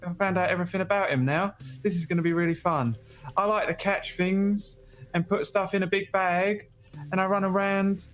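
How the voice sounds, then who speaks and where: A man voicing a cheerful young male mutant scavenger in a tabletop game, in a slow, drawling put-on voice. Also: high-pitched, fairly even intonation, fairly bright tone, soft background music, voice pushed up.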